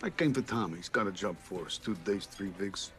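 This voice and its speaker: A brash, swaggering debt collector. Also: male voice, on the low side, lively intonation, brisk, fairly bright tone, soft background music. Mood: indignant. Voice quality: swaggering, theatrical, swearing. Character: brash male debt collector, pushy and theatrical. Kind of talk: film drama dialogue.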